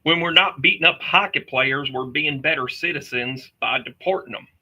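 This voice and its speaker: A man's voice: a little high, moderate pace, sharp tone, breathy edge, poor audio. A man hosting a psychic medium livestream, talking to viewers in a rambling, chatty way with jokey asides. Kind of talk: casual livestream chat.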